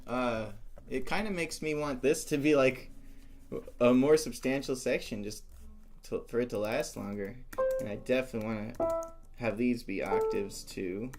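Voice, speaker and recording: A young man thinking aloud as he composes music, musing and talking to himself with playful asides. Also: mid-range voice. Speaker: composition teacher.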